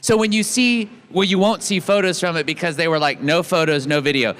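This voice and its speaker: A man's voice: fairly high pitch, a little fast, fairly bright tone. An American man joking and rambling as a guest on a convention panel stage. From United States. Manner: playful, joking, rambling with restarts. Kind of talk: casual convention panel banter. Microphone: handheld mic with stage monitor.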